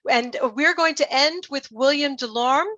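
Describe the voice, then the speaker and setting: A woman hosts an online panel, encouraging and upbeat. Her voice is bright and fairly high, with dull, lo-fi call audio and a dry sound. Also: measured pace, no room sound. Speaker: host. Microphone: video call.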